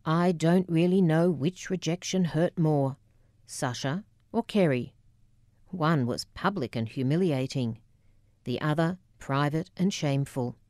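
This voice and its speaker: Slow, low-voiced woman narrating. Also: darkish tone, no echo, studio quality. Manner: measured, deliberate, wry. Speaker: memoir narrator. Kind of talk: scripted memoir narration.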